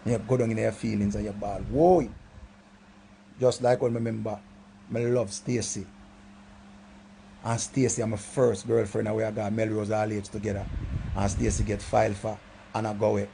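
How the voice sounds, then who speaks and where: Middle-aged Jamaican man, gravelly voice, rambling comic storyteller, drops low then erupts loud. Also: flat delivery, a little fast, slight background noise. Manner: swings from low mutters to loud outbursts. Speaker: comedic storyteller.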